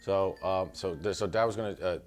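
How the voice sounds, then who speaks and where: Low-voiced man telling a family story. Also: brisk, soft background music. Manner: animated storyteller who acts out quotes and laughs. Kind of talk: casual anecdote.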